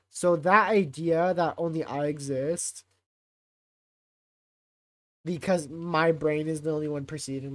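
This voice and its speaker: A man casually talking on a livestream, rambling and thinking out loud with lots of fillers and restarts. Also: a little high. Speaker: streamer.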